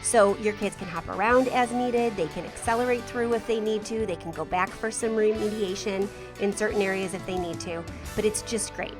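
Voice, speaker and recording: A woman's voice: medium pitch, moderate pace, music in the background. A woman in her forties hosting a podcast, chatting casually and enthusiastically about family life and reading a sponsor message. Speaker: podcast host.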